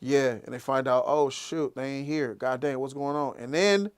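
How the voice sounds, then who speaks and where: A man hosting a casual live after-show, excitedly retelling an episode and acting out the characters' lines. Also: mid-range voice, normal speed, clear, resonant tone. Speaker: show host.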